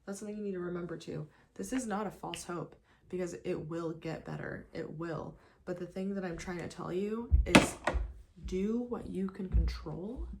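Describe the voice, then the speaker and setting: A young woman chatting casually while doing her makeup, talking fast and loose with lots of "like", sometimes dropping to a whisper. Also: lowish voice, creaky, slight background noise. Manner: chatty and animated, full of "like" and "you guys", drops to whispers. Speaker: lifestyle vlogger. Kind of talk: casual get-ready-with-me chat. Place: her apartment.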